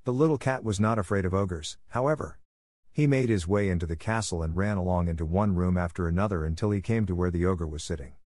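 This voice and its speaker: A man narrating a fairy tale in a steady, even storytelling manner, close to the mic. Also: low voice, fast, no room sound. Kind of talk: scripted audiobook narration.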